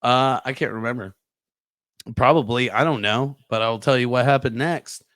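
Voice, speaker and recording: A young adult man telling a profane, animated story on a podcast, acting out sound effects as he goes. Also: medium pitch, normal speed, no echo, studio quality. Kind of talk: casual storytelling.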